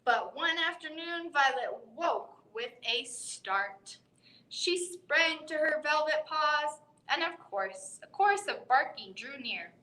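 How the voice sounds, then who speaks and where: A woman reading a bedtime picture book aloud to children in a library storytime, expressive and playful with animal sounds. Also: sits high, slow, echoey room, low-quality recording. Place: library room.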